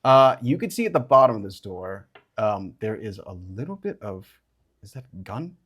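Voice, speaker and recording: A man running a tabletop game as game master, describing scenes with halting, filler-heavy narration. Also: lowish voice, big pitch swings, fairly bright tone. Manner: halting, full of fillers and restarts.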